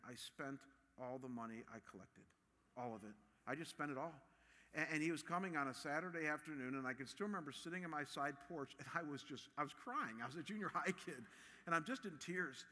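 A man in his fifties from Ohio, preaching a sermon with animated, personal storytelling. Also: a little high, brisk, long reverb tail. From Ohio, USA. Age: 50s. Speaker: pastor.

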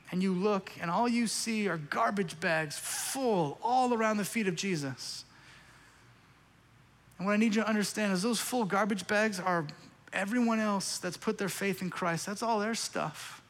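A man's voice: high-pitched, moderate pace, fairly bright tone, long reverb tail. A man preaching a sermon as pastor, earnest and pleading, often repeating phrases.

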